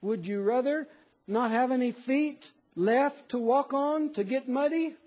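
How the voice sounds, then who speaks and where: A man's voice: a little slow, lo-fi sound. A man preaching a sermon in an earnest, emphatic way, pressing each point home. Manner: earnest, emphatic, reads a poem in a softer lower voice.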